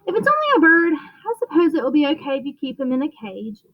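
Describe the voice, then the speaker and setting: A woman's voice: high voice, sing-song, fast talker, highs cut off. A woman reading aloud, voicing a puzzled, easygoing male policeman in a storybook.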